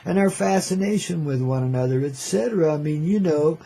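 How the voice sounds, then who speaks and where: On the high side and fairly quick, this older man's voice is mellow and husky as he hosts a radio show. He rambles casually in a laid-back hippie drawl, often laughing and saying "man."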